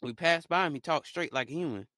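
A young man talking casually in a rambling solo monologue, swinging between low mutters and loud excited outbursts. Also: quick pace, dry recording, studio quality. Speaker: podcaster.

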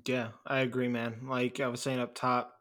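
Co-host, male, mid-pitched, casual and enthusiastic, animated when retelling scenes. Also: normal speed. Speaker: podcast co-host. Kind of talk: casual film discussion.

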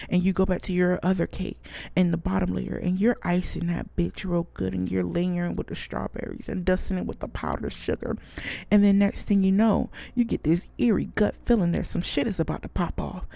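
A woman's voice: on the low side, very animated, normal speed, creaky, dark tone, no echo. A woman hosting a casual podcast, answering a listener letter and telling a brash, profane comic story full of sound effects. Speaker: podcast host.

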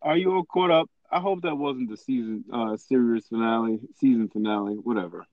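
A man co-hosting a podcast in casual chat, animated and joking. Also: medium pitch, brisk, dry recording, dull audio. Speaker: podcast co-host.

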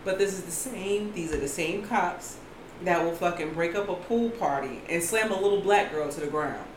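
A woman recounting a news story in casual commentary chat, animated and profane. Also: lowish voice, moderate pace. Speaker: co-host. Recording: echoey room with faint noise.

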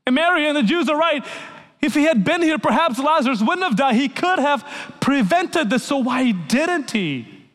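A male pastor preaching an earnest sermon, telling stories and dropping to a soft, hushed voice when he quotes people. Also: very high voice, expressive, moderate pace. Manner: earnest storytelling preacher, drops to soft near-whispers for quotes. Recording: long hall reverb.

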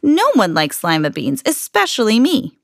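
A woman voicing a young girl who speaks in a high, emphatic way in a storybook read-aloud. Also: huge pitch swings, moderate pace, creaky, dry recording, studio quality, full character voice. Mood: disgusted. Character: young girl, stubborn then excited.

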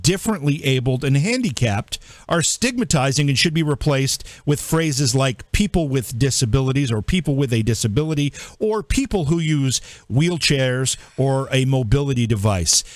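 A man's voice: mid-range voice, expressive, normal speed, no echo. A man hosting a political commentary show, reading out lists and tossing incredulous rhetorical questions to his co-hosts. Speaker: host.

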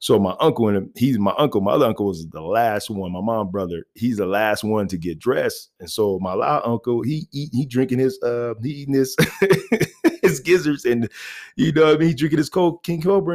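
A man's voice: medium pitch, moderate pace, a little mellow. A man telling a personal story in a casual, rambling way, full of fillers. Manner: rambling, laid-back, many fillers and "you know what I mean".

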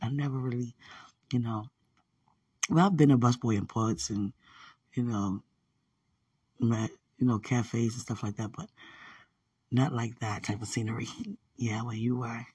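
A man's voice: medium pitch, dark tone, breathy edge, no echo, recorded from a distance. A man hosting a podcast, talking in a rambling, casual monologue with lots of fillers and frequent laughs. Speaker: podcast host.

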